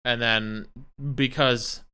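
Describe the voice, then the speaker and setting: A man's voice: mid-range voice, little pitch movement, takes it slowly, bright, forceful tone, clear, resonant tone. A man casually chatting while playing a game on a live stream at home, rambling between topics and talking to his cat.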